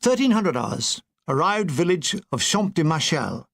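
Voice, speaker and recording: A man reading a comic war memoir aloud, with a deadpan, playful delivery of puns and asides. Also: fairly high pitch, measured pace, gravelly. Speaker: narrator.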